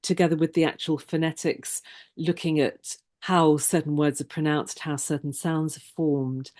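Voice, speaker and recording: Casting: middle-aged woman, podcast host and coach, low voice, measured and articulate. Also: darkish tone. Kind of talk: podcast conversation.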